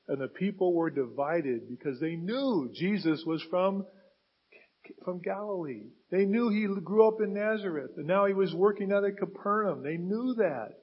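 A man preaches in a church, his voice slightly high and husky. He retells scripture with dramatic swells, dropping to a quiet, pleading tone. The recording sounds muffled and lo-fi. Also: animated, moderate pace. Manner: dramatic retelling with rising and falling emphasis. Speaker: pastor. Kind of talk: sermon.

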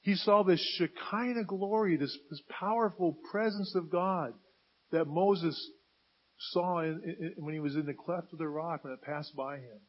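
A man preaching with a high, husky voice that swells into loud, emphatic bursts. The sound is dull and lo-fi, like a modest church recording. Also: measured pace. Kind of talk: sermon.

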